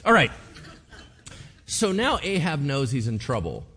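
A man's voice: mid-range voice, wildly swooping pitch, unhurried, fairly bright tone, slight background noise. A male pastor preaching a sermon in a casual, joking storytelling manner, laughing often.

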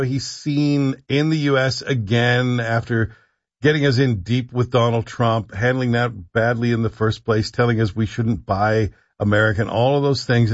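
A man's voice: medium pitch, dry recording, muffled recording. A man hosting a talk radio show, riffing in a wry, joking way and dishing out mock-earnest advice. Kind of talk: casual talk radio banter.

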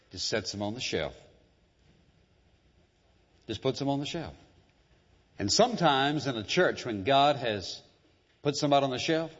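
Dramatic preacher in an echoing hall. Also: male voice, mid-range voice. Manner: emphatic, dramatic preaching with sudden shifts in loudness and pace. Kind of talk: sermon. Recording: dull sound, long hall reverb.

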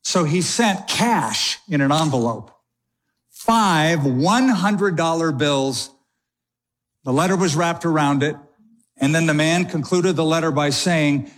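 A man's voice: fairly high pitch, fairly bright tone, a little hiss or hum. Conversational man preaching a sermon. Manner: conversational preaching with quick asides and slowed emphasis. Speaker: pastor.

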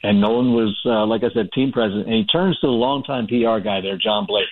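A man's voice: lowish voice, brisk. Chatty man on a tinny phone line. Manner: chatty storyteller, many fillers and restarts. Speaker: author guest. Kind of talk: phone-in radio interview.

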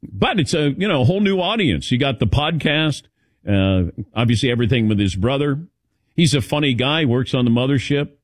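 Male show host with an animated, swooping delivery, recorded dry and close. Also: mid-range voice, brisk, dry recording. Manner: animated storytelling, calls on co-hosts by name. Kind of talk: casual sports talk chat.

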